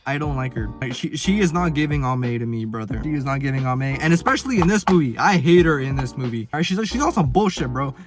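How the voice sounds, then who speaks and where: A man's voice: mid-range voice, lively intonation, fast, hardly any pauses. A young adult man ranting casually about movies, swearing a lot and using heavy slang. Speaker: film vlogger. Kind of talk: casual film ranking rant. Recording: background music under the voice.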